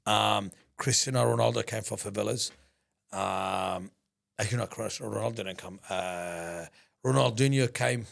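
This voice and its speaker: A man telling a story as a podcast guest in casual, profane talk, excitable and full of restarts. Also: lowish voice, moderate pace, creaky. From Australia. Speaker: podcast guest, business founder.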